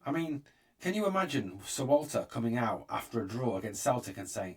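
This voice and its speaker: A man's voice: medium pitch, animated, brisk, gravelly, recorded from a distance. A man hosting a fan channel, giving an exasperated, emphatic commentary and often repeating himself. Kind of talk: opinionated fan commentary monologue.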